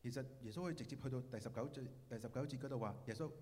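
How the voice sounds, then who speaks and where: A man interpreting a sermon into Cantonese, quick and halting with fillers. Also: mid-range voice, a little mellow. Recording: hall reverb.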